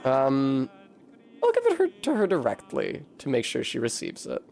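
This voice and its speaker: A man's voice: medium pitch, wildly swooping pitch, moderate pace, gravelly, a little mellow, soft background music. A man casually commenting on a game he plays, chatty with joking asides. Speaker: streamer. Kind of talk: casual let's-play commentary.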